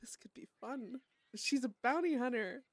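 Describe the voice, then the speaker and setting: A woman's voice: fairly high pitch, expressive, moderate pace, dry recording. A woman streaming a roleplay game, chatting casually, laughing often and swearing as she reads in-game letters aloud.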